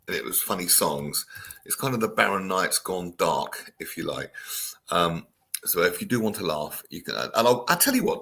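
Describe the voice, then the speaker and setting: A man's voice: deep voice, bright, forceful tone. A man hosting a casual chat show, joking with listeners and reading their comments aloud. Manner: jokey, chatty, reads listener comments aloud. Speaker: radio show host.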